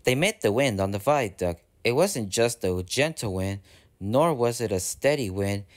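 A man narrating a storybook aloud in a steady, even read-aloud manner. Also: lowish voice, moderate pace. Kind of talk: storybook reading.

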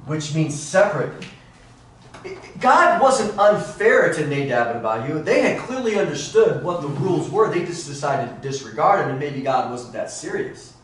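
A middle-aged man teaching a Bible class in a church, animated, acting out quotes in lively voices. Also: on the high side, moderate pace. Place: church room. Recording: roomy echo, mic at a distance, faint noise.

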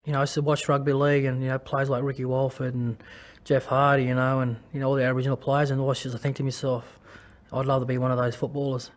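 An Australian man talking about his own life in a personal testimony. He speaks in a halting way, with many restarts and fillers. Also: medium pitch, completely flat delivery. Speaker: former rugby league player.

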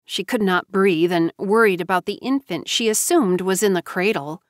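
A woman narrating a novel as an audiobook in a measured storytelling manner. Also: medium pitch, dry recording, studio quality.

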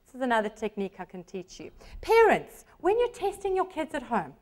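A woman teaching students memory strategies in a lively workshop talk, acting out her memory pictures with cries and little voices. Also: on the high side, brisk. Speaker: motivational speaker and study skills teacher.

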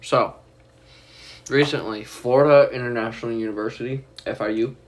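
A man's voice: medium pitch, moderate pace. Rambling young man vlogging at home. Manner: relaxed, rambling, teasing. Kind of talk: casual vlog chat. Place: student apartment at home.

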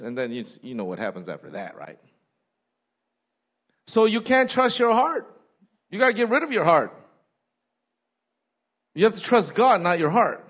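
A man's voice: on the high side, normal speed, long pauses, slightly rough. Guy preaching in church, voice swings up and down a lot, acts out little bits of what people say. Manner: animated preaching, mimics people in quoted asides. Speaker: pastor. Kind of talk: sermon. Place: church sanctuary.

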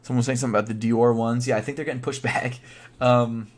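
A young man chatting casually on a live stream, thinking out loud in a laid-back way with plenty of fillers. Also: medium pitch, steady tone, quick pace. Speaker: sneaker YouTuber live streaming.

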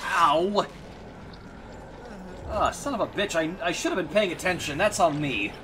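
A man's voice: on the high side, expressive, a little fast, background noise. A man streaming a game and commenting live, reacting with sudden yelps and wry remarks to himself. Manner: reacts aloud with startled yelps and wry self-talk.

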